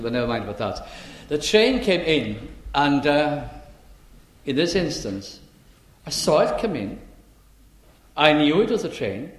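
A man preaches in a storytelling way, leaning hard on rising rhetorical questions and stretching out the key words. His voice sits a little high for a man. He is recorded in a roomy space with a clear echo. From Lancashire, England. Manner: emphatic rising rhetorical questions, slow drawn-out stresses. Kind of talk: storytelling sermon.

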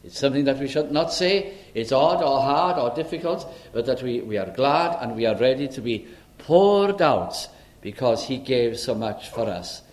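A man preaching an expository sermon in a measured, earnest way, often pausing with "uh" as he works through a passage. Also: mid-range voice, animated.

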